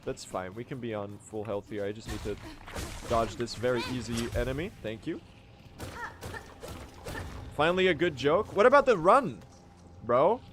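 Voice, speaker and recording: A young man from Sweden, a native Swedish speaker, giving excitable live commentary to his chat as he streams a speedrun, swearing and reacting as he plays. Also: medium pitch, normal speed, pauses often, music in the background.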